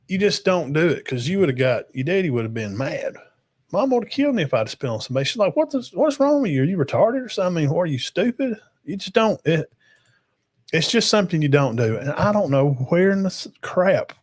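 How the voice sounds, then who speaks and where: A man hosting a casual sports livestream, rambling and emphatic as he talks to the chat and his guests. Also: mid-range voice. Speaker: podcast host.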